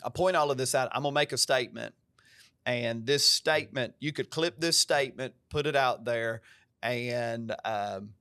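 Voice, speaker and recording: A man's voice: mid-range voice, moderate pace, pushed and bright, clean tone, dry recording, clean studio sound. A male pastor with an American country twang, talking earnestly and emphatically on a podcast in a preacher-like way. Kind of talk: podcast conversation.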